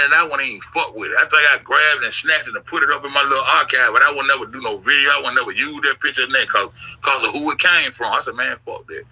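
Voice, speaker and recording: A man rambles through a long story on a casual stream, cursing constantly and repeating himself. His voice is bright and edgy but husky, and he drops into low grumbles before bursting out loud. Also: poor audio. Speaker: YouTube commentator.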